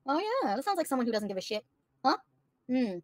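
A woman's voice: high voice, big pitch swings, brisk, dry recording. A woman livestreaming, bluntly and profanely venting to her chat. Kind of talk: casual livestream rant to chat.

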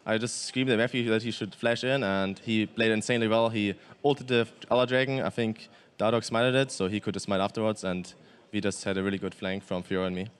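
A young man with a German accent, a pro player answering post-game interview questions in quick, matter-of-fact answers with many fillers and restarts. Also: lowish voice, steady tone, clean tone.

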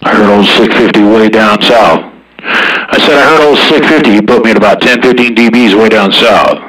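A man's voice: on the low side, moderate pace, a bit bright. A man chatting casually over a CB radio in a drawling, slangy manner, recorded from some distance. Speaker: CB radio operator.

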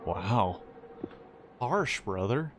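A man's voice: fairly low pitch, expressive, very slow, slight background noise. A man hosting a casual watch-along, throwing in wry, sarcastic quips. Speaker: host commenting on a film. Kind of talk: casual joking commentary.

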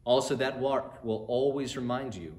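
Solemn divine judge read by a man for a children's story, measured and commanding, some room echo. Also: mid-range voice, darkish tone, natural voice. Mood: stern. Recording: roomy echo.

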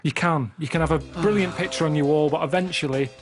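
A man, his voice sitting a little high for a man. He talks in a slow, plodding, earnest way, working his thoughts out aloud. Faint music plays behind him. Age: 30s. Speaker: co-host. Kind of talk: casual chat.

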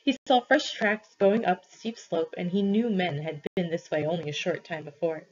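A woman reading a storybook chapter aloud in a steady, expressive way. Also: on the low side, moderate pace, breathy edge, muffled recording. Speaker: reader.

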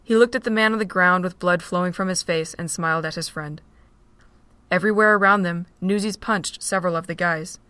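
A woman narrating a fan-made audio drama in a steady storytelling manner. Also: lowish voice, fairly quick, no echo.

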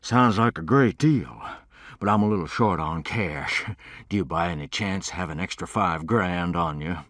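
A man's voice: low-pitched, normal speed, a bit bright, no echo, clean studio sound. A man voicing a wealthy, pompous and condescending man in an audiobook, with an affected, posh way of talking. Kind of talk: audiobook character voice.

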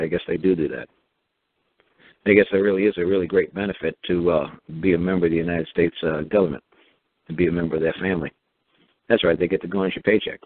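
Sarcastic low-voiced man on a phone line. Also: no room sound. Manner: sarcastic, mock dialogues, many restarts and fillers. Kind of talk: casual ranting monologue. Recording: dry tinny phone line.

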